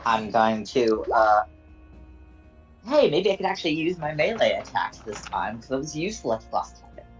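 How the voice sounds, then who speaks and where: A man at a tabletop game talks casually, throwing in quick protests and remarks. His pitch is ordinary, with faint music under the talk. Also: sing-song, dull audio. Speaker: player. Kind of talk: casual chat.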